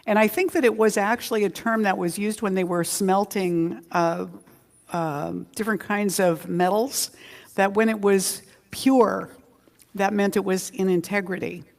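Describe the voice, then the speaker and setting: A woman's voice: medium pitch, steady tone, unhurried, vocal fry. A woman minister giving a conversational Sunday sermon, drawing out key words for emphasis. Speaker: senior minister. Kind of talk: Sunday sermon with a joke story. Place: community center hall. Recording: long hall reverb.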